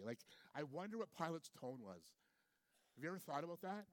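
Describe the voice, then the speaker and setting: A man's voice: medium pitch, expressive, moderate pace, no echo. A man preaching a sermon, reading scripture aloud and then reflecting on it with questions for his listeners. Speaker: pastor.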